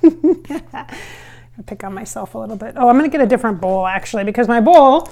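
A woman's voice: fairly high pitch, animated, rapid-fire, heavy background noise. A woman chatting casually in a vlog while she cooks at home. She rambles, with many fillers and restarts. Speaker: psychic medium vlogger. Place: home kitchen with hardwood floors.

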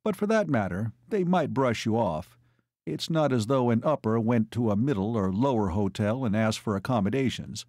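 A calm, even-tempered army captain, as a man reads him aloud, mild and courteous in his replies. The inflection stays lively, and the sound is close and dry. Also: mid-range voice, moderate pace, dry recording, close to an everyday voice.

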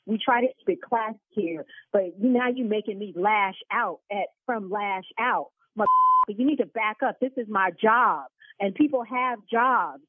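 Brief: indignant woman on a tinny phone line, husky, a bit high. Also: no room sound. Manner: indignant, fast, cursing. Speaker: salon owner on the phone.

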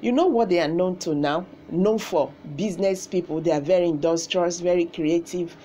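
A woman's voice: on the low side, moderate pace, mellow, a little hiss or hum. A woman with a Nigerian accent, hosting a channel and delivering emphatic political commentary to camera, repeating phrases and slipping into Pidgin. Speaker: channel host.

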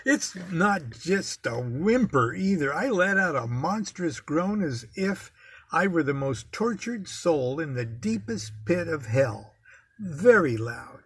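A man's voice: on the high side, a bit bright, slightly rough. A man reading aloud from his own memoir, telling the story in a wry, self-mocking way.

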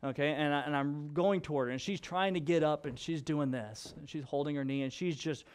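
A male pastor preaching a sermon with personal storytelling, in an expressive, conversational way that moves between emphatic and hushed. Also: fairly high pitch, brisk, clean tone. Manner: conversational with restarts and fillers.

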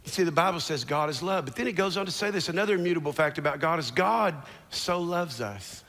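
A man preaching a sermon as a church's founding pastor on a large stage, swinging from low murmurs to shouted declarations. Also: quick pace, in a large hall.

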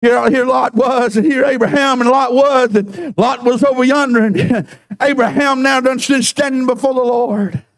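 A man preaching a fervent sermon, shouting and half-singing his phrases. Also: very high voice, fairly even intonation, normal speed, creaky. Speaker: pastor. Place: church.

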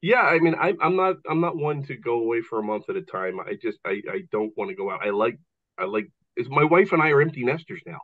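A man, a comedian telling stories as a guest on an interview, self-deprecating and quick to restart his sentences. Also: mid-range voice, very animated. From Philadelphia. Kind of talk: casual interview storytelling. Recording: tinny phone-like call line.

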